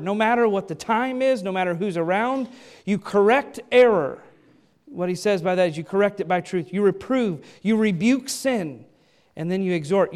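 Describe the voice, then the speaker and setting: A man's voice: high-pitched, a little mellow. A man preaching a sermon as a pastor, reading scripture aloud and asking and answering his own questions with emphasis.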